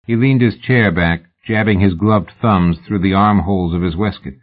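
A man reading a novel aloud in a measured, even audiobook narration. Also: low voice. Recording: phone-like narrow band.

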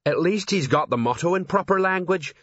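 Man voicing a pedantic sergeant, chatty, husky, lively pitch, dry. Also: a little fast, dry recording, muffled recording. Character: chatty, pedantic middle-aged watch sergeant.

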